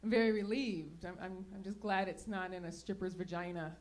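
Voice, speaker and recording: A woman's voice: fairly low pitch, steady tone, a little fast, darkish tone. A middle-aged woman from the States doing stand-up in a small club, dry and self-mocking in her delivery. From United States. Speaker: comedian. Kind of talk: stand-up comedy. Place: small smoky comedy venue.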